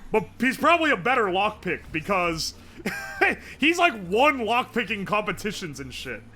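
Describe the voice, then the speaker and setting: A man's voice: high voice, sing-song, moderate pace, bright, forceful tone, slight background noise. A man streaming live, chatting casually and profanely as he rambles and answers his chat.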